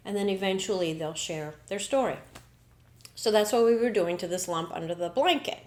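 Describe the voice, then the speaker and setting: A woman's voice: medium pitch, moderate pace. A woman hosting a spiritual podcast, talking in an earnest, reflective way and often slipping into quoted inner dialogue. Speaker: podcast host. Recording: roomy echo.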